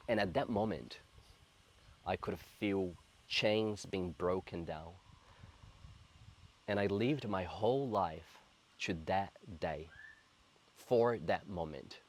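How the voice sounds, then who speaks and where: Low-voiced earnest man in his thirties. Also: a little hiss or hum. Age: 30s. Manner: earnest, reflective, slow and heartfelt. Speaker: spiritual coach. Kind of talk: personal spiritual storytelling to camera.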